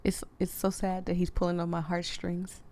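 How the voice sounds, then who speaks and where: A woman's voice: lowish voice, monotone, moderate pace, a little mellow. A woman playing a visual novel, reading its narration aloud and reacting emotionally. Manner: emotional, reacts openly to the story. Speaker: let's play gamer.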